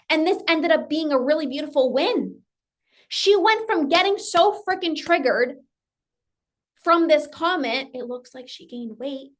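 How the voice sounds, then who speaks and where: A woman's voice: sits high, a bit bright. A woman coach giving an emphatic motivational talk, often acting out her client's thoughts and repeating phrases for effect.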